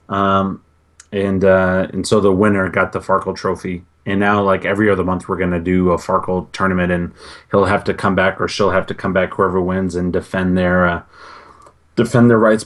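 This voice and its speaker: A man co-hosting a gaming podcast, telling stories in an easygoing, rambling way. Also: low-pitched. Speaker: podcast co-host. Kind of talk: casual chat.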